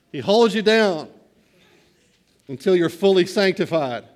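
Animated man preaching, soft to loud. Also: fairly high pitch, moderate pace. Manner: swings from soft hushed lines to loud excited bursts. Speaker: pastor. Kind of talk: sermon.

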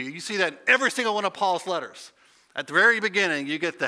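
A man with a bright, forceful voice, preaching in a lively, conversational way. His pitch sits a little high for a man, and he keeps tossing rhetorical questions to the room. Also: fast talker. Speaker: pastor. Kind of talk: sermon.

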